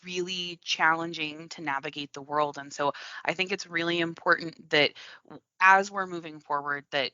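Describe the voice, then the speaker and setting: Bright-toned woman, low and earnest. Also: steady tone, normal speed, no room sound. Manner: earnest and reflective, with frequent restarts. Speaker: podcast co-host. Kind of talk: casual podcast chat. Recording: dull lo-fi, dry sound.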